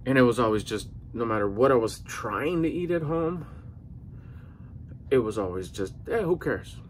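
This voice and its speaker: A man's voice: mid-range voice, moderate pace, a little hiss or hum. Breathless, earnest middle-aged man. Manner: rambling, earnest, with slang and restarts. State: a little out of breath. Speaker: vlogger. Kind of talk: casual motivational talk to camera.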